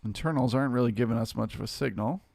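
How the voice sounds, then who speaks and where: A man with a mid-range, slightly gravelly voice talks through price levels in an unhurried, conversational way, greeting viewers by name as he goes. The sound is dry and close, with no room echo. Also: medium pitch, darkish tone. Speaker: trading stream host. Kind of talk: live market commentary.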